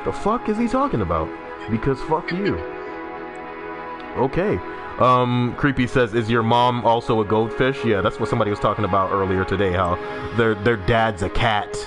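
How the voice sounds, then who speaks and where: A man's voice: lowish voice, expressive, moderate pace. A young man streaming a game, rambling casually, swearing, and laughing at his own jokes while reading chat. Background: music.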